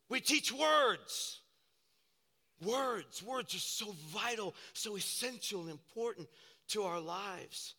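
A man's voice: high voice, animated, unhurried, pushed and bright, in a large hall. A man preaching a fervent, repetitive sermon as pastor.

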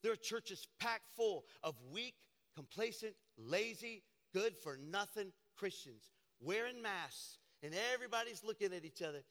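A man preaching a fiery sermon as pastor, swinging from loud declarations to low, intense passages. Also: expressive, measured pace, hardly any pauses. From Tennessee family roots. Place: church sanctuary. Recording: long reverb of a church hall.

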